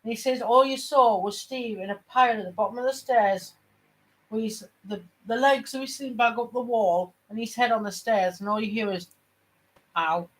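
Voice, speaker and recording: A woman's voice: on the high side, brisk, poor audio. A woman, chatting casually on a vlog, rambling through stories with many restarts. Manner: rambling storyteller, restarts, laughs at her own stories. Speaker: vlogger. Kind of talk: casual chat.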